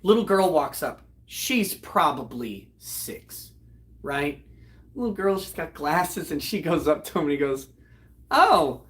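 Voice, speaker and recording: A man, host of a live online show, retelling a comedy act in a loud, profane, animated way and breaking into laughter. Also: on the high side, unhurried. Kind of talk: casual storytelling on a livestream.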